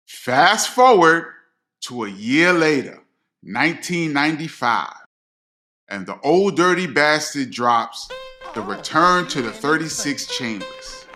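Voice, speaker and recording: Slow-talking, lively New storyteller man. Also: mid-range voice. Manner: animated, slangy, addresses viewers directly. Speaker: DJ telling a story. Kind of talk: storytelling to camera.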